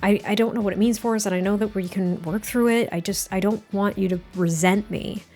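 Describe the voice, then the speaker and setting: Lady doing a nervous sweet young guy, soft and earnest, halting, quiet music behind. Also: mid-range voice, steady tone, natural voice. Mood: tender. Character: nervous, tender young male athlete boyfriend.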